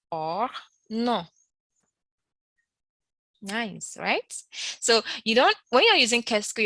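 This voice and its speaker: Casting: woman language teacher, unhurried, crisp bright tone, repeats each example phrase, dry close sound. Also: no room sound, rough recording. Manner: slow, repeats each French phrase, rises high on example questions. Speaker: French teacher. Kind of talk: online language lesson.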